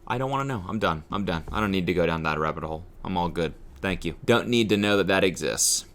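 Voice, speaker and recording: A man's voice: low voice, expressive, fast, a bit bright. A man co-hosting a comedy podcast, reading posts aloud and riffing in a laid-back, profane, joking way. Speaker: podcast co-host. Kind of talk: casual comedic reading and commentary.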